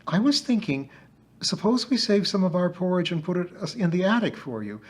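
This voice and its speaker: Brief: a high, hopeful little girl, as a man puts her on, hurried and earnest. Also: very animated. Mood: eager.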